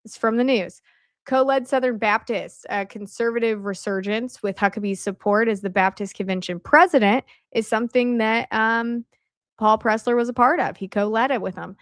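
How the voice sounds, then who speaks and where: A woman's voice: on the high side, moderate pace, no echo, studio quality. A woman hosting her video from home, talking casually through slides with lots of fillers and asides, her voice strained and worn. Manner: conversational, with frequent fillers and asides. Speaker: video host. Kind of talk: casual commentary over on-screen slides. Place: at home, at night. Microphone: camera mic at a desk.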